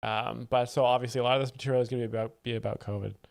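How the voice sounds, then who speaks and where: A man's voice: medium pitch, little pitch movement, rapid-fire, creaky. A man hosting a live stream, making dry, wry commentary over comedy clips. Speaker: host explaining jokes.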